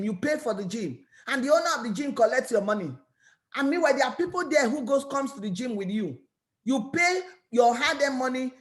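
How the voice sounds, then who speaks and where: A high-pitched woman speaks with a Nigerian English accent. She gives an energetic, preachy motivational talk as a network marketing business owner. She stumbles over and repeats words as she pushes her point.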